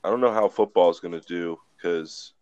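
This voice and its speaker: A man's voice: deep voice, moderate pace, darkish tone, no room sound, lo-fi sound. A man in his twenties, a podcast co-host, telling a rambling, swear-filled story in casual chat.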